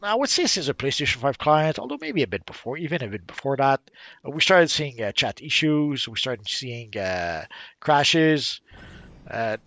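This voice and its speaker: A man hosting a casual gaming livestream, halting and repeating words with many fillers. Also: medium pitch, big pitch swings, a bit bright, no room sound. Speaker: livestream host.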